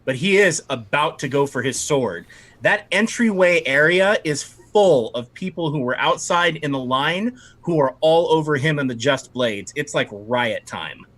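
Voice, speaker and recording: Guy running a d&d game, bright sharp voice, animated narrating. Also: a little high, unhurried. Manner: lively, animated storytelling. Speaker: game master.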